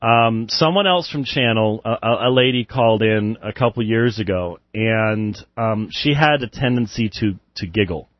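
A man hosting a live call-in radio show, chatty and given to chuckling asides before he settles into steady Bible teaching. The sound is dry and a little dull, close to the mic with no room around him. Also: fairly low pitch, normal speed, hardly any pauses, no echo.

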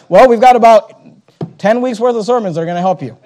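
A high-pitched man preaching to his congregation. He is emphatic and conversational, repeating key phrases for weight and speaking straight to the listeners in the pews. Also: animated, fast, darkish tone. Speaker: pastor. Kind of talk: sermon.

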